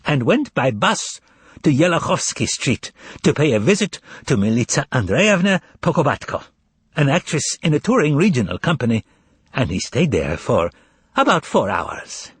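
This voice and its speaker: A man's voice: medium pitch, sing-song, normal speed, slightly rough, dry recording. A man voicing a sly, mocking male magician's assistant who talks in a mock-polite, teasing way. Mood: gloating.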